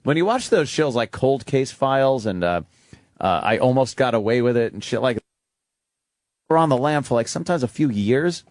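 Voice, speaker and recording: A man's voice: mid-range voice, lively intonation, a little mellow, dry recording, clean studio sound. A man in casual radio talk show chat, riffing conversationally and mimicking the people he describes. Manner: conversational, mimics cops and suspects with quick voice shifts. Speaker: radio show co-host or guest.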